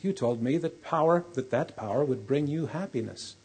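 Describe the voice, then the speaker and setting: A man voicing an immortal stranger who grants wishes and asks measured, probing questions. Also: medium pitch, animated, a little mellow, husky. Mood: questioning.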